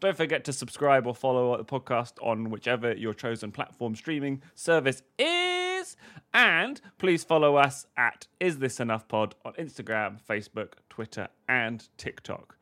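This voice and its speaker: A podcast co-host plays along with a quiz and complains about losing with mock exasperation. His bright voice rises and falls widely, and he swears and laughs along the way. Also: mid-range voice, lively intonation, normal speed. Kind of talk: casual comedic quiz banter.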